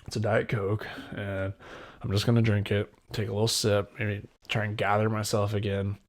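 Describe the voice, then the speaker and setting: A man in his twenties runs a solo podcast in a lowish voice with a flat delivery and normal pace. The talk is casual and rambling, candid and self-mocking, with wet mouth noises as he speaks.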